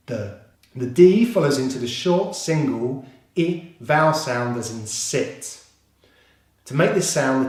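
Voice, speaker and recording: A man with a British accent teaching English pronunciation, slowly repeating each sound and encouraging his learners. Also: medium pitch. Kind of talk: pronunciation lesson. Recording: very echoey room.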